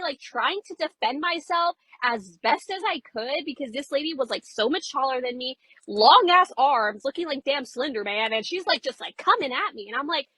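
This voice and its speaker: A woman's voice: high-pitched, no room sound, poor audio. A young woman animatedly retelling a confrontation in a casual storytime, acting out what each person said. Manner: animated retelling, quoting others, rising when upset.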